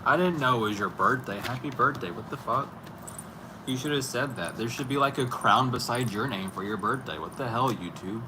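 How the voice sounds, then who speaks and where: A man's voice: mid-range voice, normal speed. A man hosting a casual live stream from home, rambling loosely with profanity and frequent laughs. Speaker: tarot reader streaming live. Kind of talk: casual livestream chat. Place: indoors at home. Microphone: computer or camera mic for a live stream. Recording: noisy home livestream audio.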